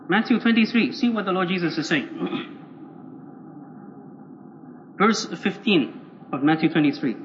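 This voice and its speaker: A man with a high-pitched voice preaches bluntly and poses questions to his listeners. The recording is dull and lo-fi, with faint background noise. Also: lively intonation, a little slow, long pauses. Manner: blunt, rhetorical, acts out imagined listeners. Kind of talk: sermon.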